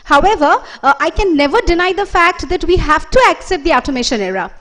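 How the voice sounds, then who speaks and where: High-voiced woman lecturing. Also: animated, fast, a bit bright. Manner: explanatory, with frequent fillers and self-corrections. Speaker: lecturer speaking at a conference. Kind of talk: conference presentation.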